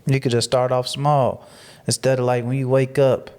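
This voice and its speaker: Man, podcast guest, preachy, motivational, repeats himself, gets animated. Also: mid-range voice, normal speed, smooth. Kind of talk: casual podcast interview.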